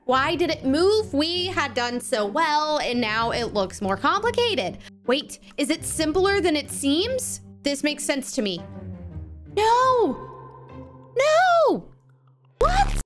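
A woman hosting a Minecraft video with excited, playful commentary, gasping and shrieking often. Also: sits high, measured pace, hardly any pauses, soft background music. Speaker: gaming YouTuber host.

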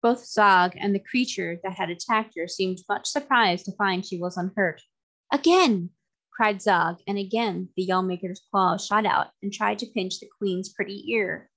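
A woman narrating a classic children's novel aloud, in a steady storytelling manner. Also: mid-range voice.

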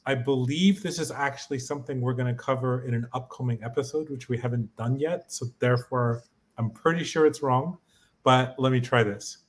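A man with a middle-pitched voice takes the learner's seat in a casual language lesson. He sounds eager and a bit unsure, filling his talk with quick "okay"s as he works things out. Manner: eager, tentative, with many "okay"s. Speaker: co-host and learner.

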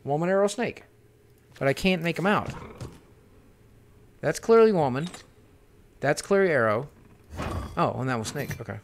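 A man giving live gameplay commentary as a streamer, excitable and swearing, panicking and talking to his chat. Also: a little high, normal speed, pauses often, a little hiss or hum. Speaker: gaming streamer.

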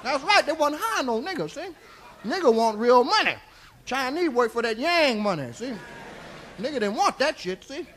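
A comedian playing a crude, rambling old Southern storyteller with a Southern US accent, drawling folksy tales on a live stand-up stage. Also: male voice, very high voice, big pitch swings, normal speed, bright, forceful tone, a little hiss or hum, full character voice. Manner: drawling, folksy, keeps tagging lines with "see?". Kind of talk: live stand-up character monologue.

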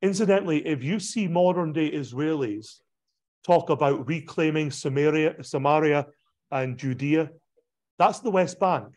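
A man, a pastor, giving a conversational illustrated talk, often pausing on fillers and restarting his sentences. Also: a little high, a little mellow. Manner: conversational, digressive lecturing with frequent fillers and restarts. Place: church hall presentation.

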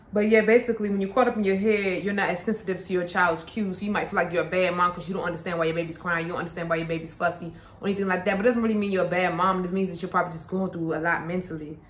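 A woman's voice: on the low side, fairly even intonation, rapid-fire, few pauses, a little hiss or hum. A young woman and mother talking casually to camera in a vlog, full of slang, asides and "like"s. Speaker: vlogger, mother. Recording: echoey room.

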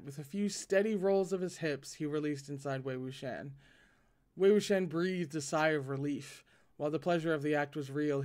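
Guy reading a book out loud, kinda high voice, keeps fumbling words and cracking jokes. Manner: stumbles and self-corrects, breaks off into joking asides. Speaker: reader and commentator. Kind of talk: reading a novel aloud with commentary.

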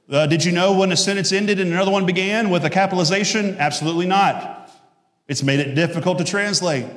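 A man's voice: high voice, a bit bright. A male pastor giving a conversational sermon with jokes, asides and self-corrections. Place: church sanctuary. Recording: echoey church hall.

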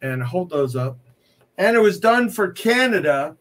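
A playful man selling original comic art in a joking live sales patter. His voice sits notably high for a man and comes out bright and sharp. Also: sing-song, a little slow. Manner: playful, clowning with mock French.

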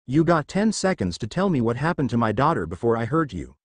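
A man's voice: medium pitch, sing-song, brisk, dry recording. A man voicing a cold, threatening father protecting his daughter. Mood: menacing.

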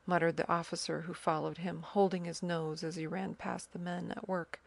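Low-voiced woman narrating a novel. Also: vocal fry, no room sound. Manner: measured, even storytelling. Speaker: audiobook narrator. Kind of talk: scripted narration of a classic novel.

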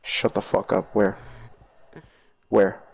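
A young man chatting while playing a co-op game, jumpy and quick to swear, breaking into panicky bursts. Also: on the low side, little pitch movement, gravelly, darkish tone, breathy edge, lo-fi sound. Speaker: gamer playing co-op. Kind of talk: casual gaming chat.

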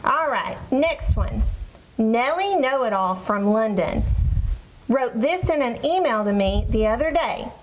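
A woman voicing a friendly girl puppet who teaches children in a church puppet show, speaking in a bright, encouraging storybook tone. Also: on the high side, animated, measured pace, a little hiss or hum, low-quality recording. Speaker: puppet presenter.

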